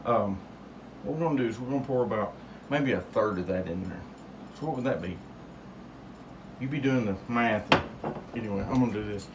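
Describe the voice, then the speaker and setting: A man's voice: lowish voice, brisk, pauses often, noisy background. A man hosting a casual home cocktail demonstration, rambling and joking in drawled asides, recorded in a home kitchen. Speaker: home cocktail show host.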